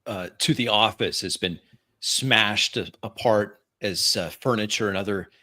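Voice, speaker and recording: A man narrating a tabletop role-play as game master, describing scenes in a halting way with fillers. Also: fairly low pitch, bright, forceful tone.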